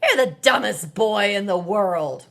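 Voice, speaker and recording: A woman voicing a bossy older sister in a storybook, loud and scolding. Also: mid-range voice, animated, measured pace, vocal fry. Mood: scornful.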